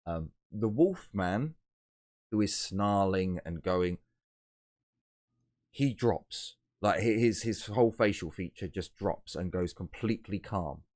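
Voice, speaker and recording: A man narrating as game master of a tabletop role-playing game, talking in a halting way with frequent fillers and restarts. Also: deep voice, expressive, a little mellow.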